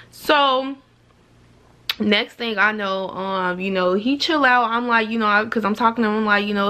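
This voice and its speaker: A young woman tells a storytime to her camera. She talks fast and loose, and her voice leaps up in pitch whenever she acts out what someone said. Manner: animated, acts out quotes with rising pitch. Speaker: vlogger. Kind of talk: storytime vlog. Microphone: camera mic, then phone vlog style.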